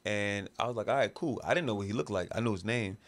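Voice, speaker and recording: A man's voice: on the low side, quick pace. A man with a New York accent from Brooklyn, telling a long story in a podcast interview and acting out quoted voices with slang. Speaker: interview guest. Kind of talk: casual storytelling.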